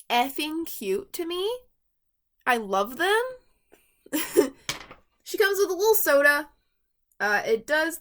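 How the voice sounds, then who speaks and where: A woman's voice: on the high side, a bit bright. A woman reviewing a doll from her collection in a rambling, chatty vlog with lots of fillers and asides. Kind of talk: casual vlog chat.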